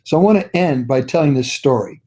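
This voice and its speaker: A man's voice: mid-range voice, lively intonation, brisk, mellow. A man leading a network marketing training on a call, telling stories in a folksy, upbeat, encouraging way. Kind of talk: motivational training talk on a conference call.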